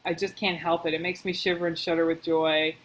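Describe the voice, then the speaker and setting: A woman working as a book editor, reading passages aloud and thinking out loud in a casual, chatty way as she comments on them. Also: low voice, level tone, fairly quick, poor audio.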